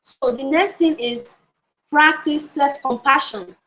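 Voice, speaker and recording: High-voiced woman pastor, emphatic teacher. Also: takes it slowly, sharp tone. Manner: emphatic, repeats key phrases, asks "All right?". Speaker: pastor and life coach. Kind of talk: motivational teaching session. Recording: dull lo-fi audio.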